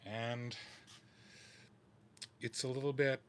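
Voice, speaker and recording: A man's voice: medium pitch, level tone, slow pace, slight background noise. Weary, exasperated man venting at his workbench. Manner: weary, sighing, repeats himself in frustration. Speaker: guitar modding channel host. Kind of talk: exasperated live vlog. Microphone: camera mic at a workbench.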